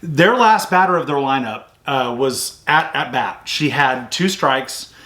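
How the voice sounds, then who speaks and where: A man hosting a sports recruiting show, casually recapping a softball game play by play with lots of fillers. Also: mid-range voice, a little slow. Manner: chatty, recounts plays step by step with fillers.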